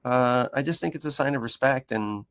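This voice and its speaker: A dog behaviour consultant chats casually and tells stories a little fast, with real passion. He's animated and emphatic, acting out the voices of the people and animals in them with big pitch jumps, in casual conversational storytelling.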